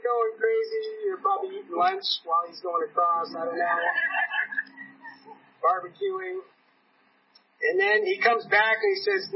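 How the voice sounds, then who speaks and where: A man's voice: extremely high pitch, creaky. A man preaching a sermon in a church, telling a story and acting out the voices of the people in it. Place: church sanctuary. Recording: dull, lo-fi recording from a distance.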